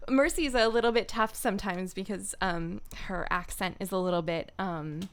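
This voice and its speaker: A woman voice actor chatting casually on a livestream from home, self-deprecating, laughing often and filling pauses with ums. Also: mid-range voice, clear, resonant tone. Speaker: voice actor streamer.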